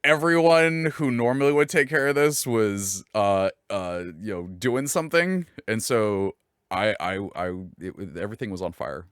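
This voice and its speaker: A man's voice: lowish voice, measured pace, clear, resonant tone, no echo, clean studio sound. A man filling in as host of a live stream, chatting casually and rambling through restarts in a self-deprecating way.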